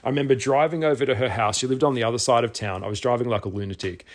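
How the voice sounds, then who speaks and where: A middle-aged man, telling a personal story in a casual vlog, animated, with some swearing. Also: mid-range voice, very fast. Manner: animated, swears, acts out his own past shouts. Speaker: spiritual vlogger.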